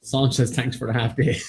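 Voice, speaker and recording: A man's voice: medium pitch, very animated, creaky. A man hosting a casual live online quiz, joking and reading out scores. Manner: joking, quick banter, reads out scores. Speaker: quiz host.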